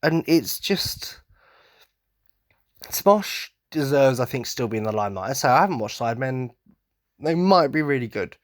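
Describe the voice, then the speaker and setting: A man's voice: mid-range voice, lively intonation, a little slow, pauses often, dry recording, clean studio sound. A man hosting a casual solo podcast rant, rambling and going off on tangents, enthusiastic and self-mocking. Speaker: podcast host.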